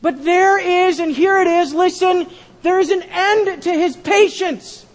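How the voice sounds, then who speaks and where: A pastor preaching a sermon, repeating key phrases and swinging from loud emphasis to a hushed tone. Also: male voice, very high-pitched, unhurried, in a large hall.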